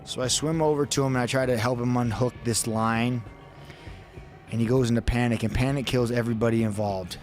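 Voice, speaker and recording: Guy on a podcast telling a wild story, cusses a lot, mid-pitch voice, acts out what he was thinking. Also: steady tone, a little fast, darkish tone, soft background music. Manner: vivid, acts out his own inner thoughts; swears freely. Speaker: podcast guest. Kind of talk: casual storytelling.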